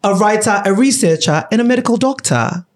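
A young man with a Ghanaian accent hosts a podcast in an easy, playful way. His voice sits a little high for a man, and he laughs often as he chats. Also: expressive, brisk. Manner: chatty and playful, laughs often, switches into a mock radio voice. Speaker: podcast host. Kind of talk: casual chat.

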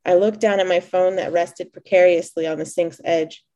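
A woman author and poet reading her own fiction aloud in a measured, expressive way. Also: lowish voice.

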